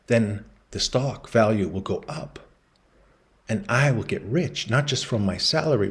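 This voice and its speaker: Man talking through business slides. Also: fairly low pitch. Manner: casual storytelling, acts out quoted voices. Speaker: business lecturer. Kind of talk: explaining slides in a lecture video.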